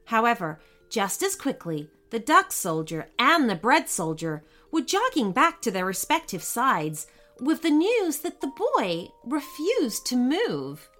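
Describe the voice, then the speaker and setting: Slow, expressive woman storyteller. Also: a little high. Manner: expressive, unhurried. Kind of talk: children's story narration. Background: faint music.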